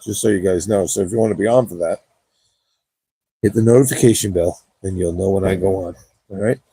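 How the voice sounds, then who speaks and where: Gravelly, mellow-voiced man streaming casually. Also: medium pitch, dry recording. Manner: profane, laid-back, rambling. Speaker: gaming livestreamer. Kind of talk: casual livestream chat. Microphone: cheap wireless mic.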